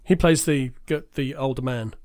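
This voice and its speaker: A man from England co-hosting a podcast, chatting casually and dropping quick, wry interjections. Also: medium pitch, a little mellow, no room sound, clean studio sound. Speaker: podcast co-host. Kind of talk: casual chat.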